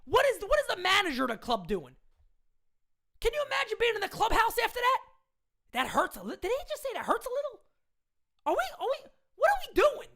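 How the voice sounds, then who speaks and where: A woman ranting loudly and indignantly into a phone camera, repeating her points as a sports fan. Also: extremely high pitch, sing-song, brisk. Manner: loud, indignant, repetitive ranting. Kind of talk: live rant into a phone camera.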